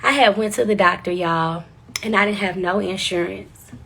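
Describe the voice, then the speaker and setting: A woman's voice: mid-range voice, moderate pace, creaky, fairly bright tone, slight background noise. A young woman in her twenties telling a personal story straight to camera, casual, candid and profane. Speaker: vlogger.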